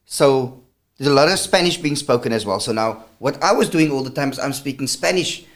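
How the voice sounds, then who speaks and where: A man hosting an interview, telling stories lively and switching between English and Afrikaans. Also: medium pitch, a little fast. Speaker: show host. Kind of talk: casual interview chat.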